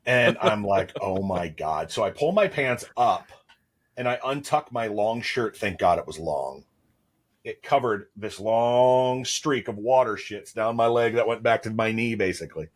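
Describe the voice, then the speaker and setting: A man in his thirties co-hosts a casual podcast, telling stories in a rambling way with playful asides. His voice is fairly low and animated, at a measured pace.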